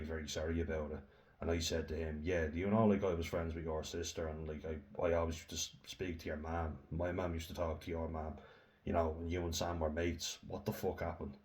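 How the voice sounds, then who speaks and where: A man's voice: rumbling low, darkish tone. A young Irish man telling a heated, sweary personal story to camera, laughing now and then. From Ireland. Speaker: vlogger. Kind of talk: casual storytelling monologue.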